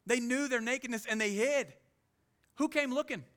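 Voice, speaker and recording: A man with a Southern US accent preaching a sermon as pastor, animated, with quick humorous asides. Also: very high voice. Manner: animated preaching, with sudden loud jokey voices and soft asides.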